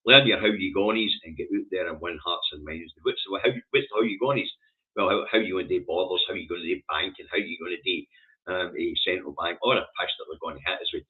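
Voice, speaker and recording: A Scottish man with a deep voice talks fast, hosting a news review stream over tinny, phone-like audio. He reads headlines and rants about them with scorn and heavy swearing.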